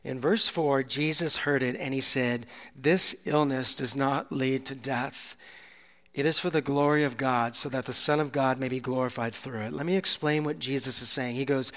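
A male pastor preaching a sermon with passion, swinging from soft, hushed moments to loud, climactic peaks. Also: mid-range voice, fairly even intonation, normal speed. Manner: impassioned, builds to loud climaxes, drops to soft near-whispers. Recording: long hall reverb.

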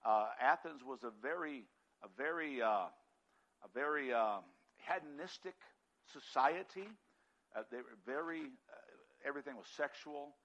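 A man's voice: medium pitch, normal speed, a bit bright, muffled recording. A man as pastor teaching an evening Bible class, conversational and checking in often with his listeners.

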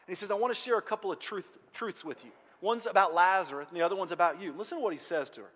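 A man preaching a sermon as pastor, moving between loud outcries and hushed, quiet passages. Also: high-pitched, rapid-fire. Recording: long hall reverb.

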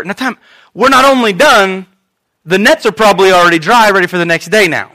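A male pastor preaching a sermon in an animated, conversational storytelling manner. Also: high voice, fairly quick.

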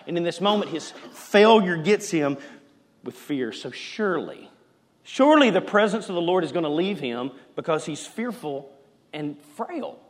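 Pastor, high-ish voice, animated sermon delivery, echoey hall. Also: male voice, normal speed. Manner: animated, shifting from loud emphasis to hushed.

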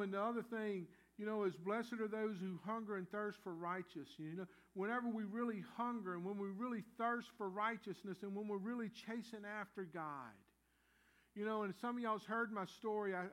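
A middle-aged pastor, preaching a sermon in a folksy, earnest way with many "you know" fillers. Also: male voice, sits high, a bit bright.

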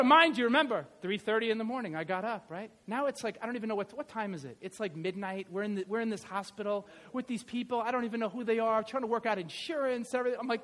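A pastor delivers a sermon in a strikingly high voice. He tells the story in a lively, animated way and keeps checking in with his listeners. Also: fast talker, few pauses. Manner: animated storytelling, keeps asking the crowd "right?".

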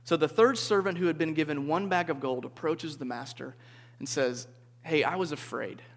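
A man preaching to a group in a relaxed, conversational way, often checking in with "okay?" and asking the listeners questions. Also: fairly high pitch, normal speed. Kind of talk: interactive sermon. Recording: reverberant hall.

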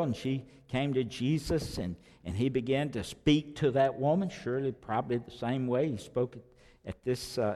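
Man preaching in a reverberant church. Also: medium pitch. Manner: conversational preaching with sudden loud rises and soft drops. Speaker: pastor. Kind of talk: sermon.

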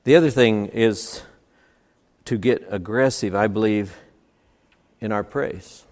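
A man's voice: lowish voice, slow, a little mellow. A man preaching a sermon at a church service, emphatic and building points through stacked, repeated phrases. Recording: long hall reverb.

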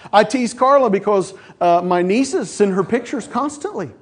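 A man's voice: high-pitched, moderate pace, few pauses. A middle-aged male pastor preaching a sermon, telling stories and acting out voices along the way. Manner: storytelling, animated, acts out quoted voices.

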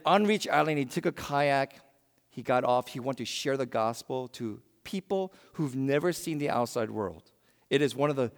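A man preaching a sermon in a church, swinging between loud emphatic bursts and hushed, quiet lines. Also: medium pitch, in a large hall. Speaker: pastor.

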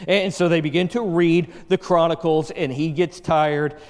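Male pastor, high voice, lively sermon storytelling, long hall reverb. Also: moderate pace. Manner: animated storytelling, reads scripture aloud.

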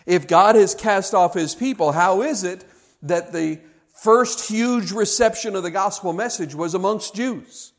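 A man's voice: sits high, unhurried. A male pastor preaching a sermon, earnest and full of rhetorical questions, often restarting his words.

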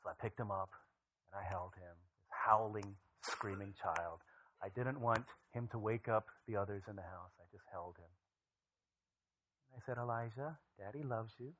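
A man in his thirties, a pastor preaching a sermon, telling stories and moving from animated asides to a soft, hushed voice. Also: on the low side, normal speed, low-quality recording. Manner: storytelling, animated then dropping to a soft hushed voice.

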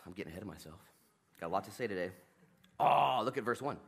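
A male pastor preaching in an animated, conversational style. His pitch jumps high on emphatic lists, then drops to low, quiet asides. He rushes through parts and chuckles at his own jokes. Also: husky. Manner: animated, conversational preaching with sudden swings between loud and hushed; fast-talking, laughs at his own asides. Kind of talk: sermon.

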